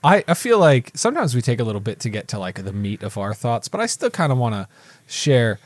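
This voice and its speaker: A man co-hosting a movie podcast in casual chat, chatty and quick to laugh. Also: mid-range voice, big pitch swings, dry recording. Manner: chatty, reads reviews aloud, laughs easily. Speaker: podcast co-host.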